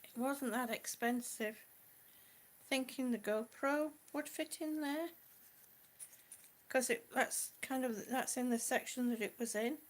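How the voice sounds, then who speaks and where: A woman's voice: high voice, unhurried. A middle-aged woman, a little out of breath, chatting affectionately with live viewers and calling them honey and sweetie. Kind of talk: casual live-stream chat.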